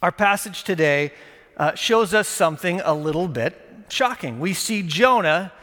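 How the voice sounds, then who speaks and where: Brief: high, bright male pastor, chatty sermon delivery, echoey sanctuary. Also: expressive, a little slow. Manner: conversational, with folksy asides and self-corrections.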